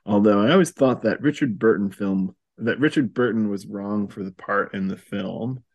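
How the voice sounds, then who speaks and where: A man reading out the lines of a gruff male British army sergeant major from a comic, voicing him lightly. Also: lowish voice, moderate pace, no room sound. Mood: reminiscing. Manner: reading comic dialogue aloud.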